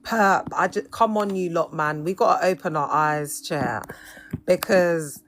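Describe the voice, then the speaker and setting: A woman's voice: lowish voice, measured pace. Slangy London woman in her thirties. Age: 30s. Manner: chatty, slangy, laughs often. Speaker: livestreamer. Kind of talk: casual live-stream commentary.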